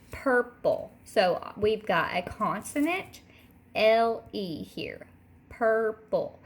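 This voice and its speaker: A woman teacher talks through a recorded lesson for young students at a slow, unhurried pace. She says every word deliberately and repeats it so children can copy her. Her voice sits at an ordinary middle pitch. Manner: slow, clear, modeling words by repeating them. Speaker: third grade teacher.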